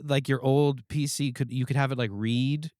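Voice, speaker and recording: A man's voice: medium pitch, steady tone, normal speed, a little mellow, no room sound, clean studio sound. A man from Canada, a podcast guest telling stories in casual chat, often restarting and correcting himself. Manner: rambling storyteller, many self-corrections. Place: podcast studio.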